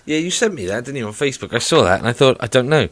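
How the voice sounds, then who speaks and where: A man's voice: mid-range voice, big pitch swings, very fast, no echo. A man, co-hosting a casual podcast chat in a jokey, rambling way and slipping into silly voices. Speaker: podcast co-host.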